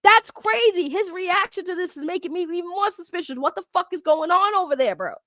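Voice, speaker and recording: A woman's voice: very high voice, lively intonation, fast talker, pushed and bright, dry recording, clean studio sound. A woman hosting a commentary show, fired up and swearing a lot as she rants. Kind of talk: heated casual commentary.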